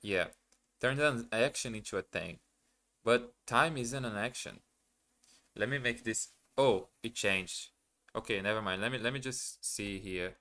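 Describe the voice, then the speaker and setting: Slow, bright-toned man thinking aloud. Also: lowish voice. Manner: hesitant, self-questioning, repeats practice words. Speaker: live streamer learning German. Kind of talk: casual live stream, thinking aloud.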